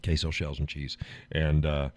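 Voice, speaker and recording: A man hosting a live stream, chatting casually about food and his day, laughing often and talking in an animated, blunt way with some swearing. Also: a bass voice, unhurried. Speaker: live stream show host. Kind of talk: casual chat reading viewer comments.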